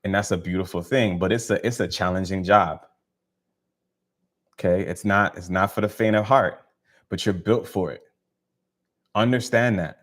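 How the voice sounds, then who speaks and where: A man's voice: low voice, normal speed, long pauses, fairly bright tone. A man hosting a casual live stream, talking in a laid-back, slangy, encouraging way and laughing often. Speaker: live stream host, spiritual healer.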